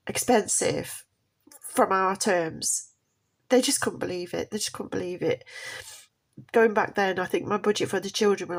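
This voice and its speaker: Woman, middle-aged, casual storytelling, heartfelt, rambling, repeats herself, medium pitch. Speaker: mother sharing a family story.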